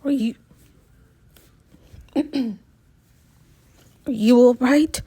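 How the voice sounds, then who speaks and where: A woman's voice: on the high side, extremely slow, dark tone, slightly rough, exaggerated voice. A woman voicing a helpful young man who comes to help, asking anxious questions in a storybook reading. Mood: concerned. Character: helpful young male passerby, concerned.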